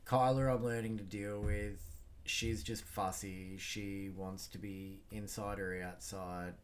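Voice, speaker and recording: Deep-voiced Australian man ranting, swearing. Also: fairly even intonation, slow. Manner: blunt, heavy swearing, rambling with fillers. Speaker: podcast host. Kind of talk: casual solo podcast monologue.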